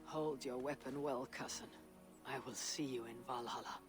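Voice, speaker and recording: A man's voice: mid-range voice, steady tone, normal speed, over music, lightly acted. An actor playing a blunt, loyal male Viking leader who speaks firmly in a video game. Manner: firm, blunt.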